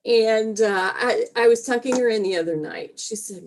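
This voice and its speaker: A middle-aged woman performing a stand-up comedy set over a video call, with wry deadpan storytelling. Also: fairly high pitch, normal speed, gravelly, hardly any pauses.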